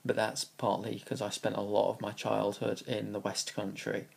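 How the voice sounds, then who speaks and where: With a flat delivery and a moderate pace, a young vlogger from Kingston upon Thames in southeast England gives casual answers to a question tag. His voice sits on the low side, with vocal fry and a slightly rough texture, and his southeast English accent carries a dry, sarcastic, rambling manner.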